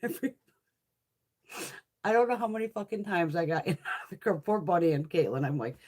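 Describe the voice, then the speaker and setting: Casual woman vlogger from Connecticut, expressive up-and-down voice, foul-mouthed, laughs mid-story. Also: on the low side, brisk, pauses often. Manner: swears constantly, laughs through her stories. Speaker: beauty haul vlogger.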